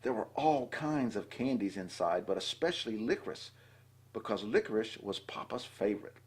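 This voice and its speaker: An older man reads a children's picture book aloud in a husky voice. He sounds lively and expressive, with a wide, swinging pitch. He keeps stopping to chat about the pictures. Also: normal speed. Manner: adds asides and chatty commentary between lines. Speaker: storybook reader.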